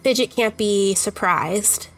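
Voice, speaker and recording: A woman playing in a tabletop game, excitable and giggly, rambling as she narrates her character. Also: medium pitch, slow pace, faint music behind. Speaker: player. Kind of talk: tabletop role-play chat.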